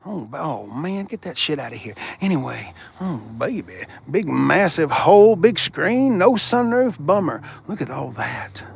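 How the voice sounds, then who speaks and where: A male car vlogger ambles through an outdoor dealership lot on a live stream, reading viewer comments aloud in casual, profane chat. His fairly high, husky voice has big pitch swings and vocal fry, and he talks unhurriedly with few pauses.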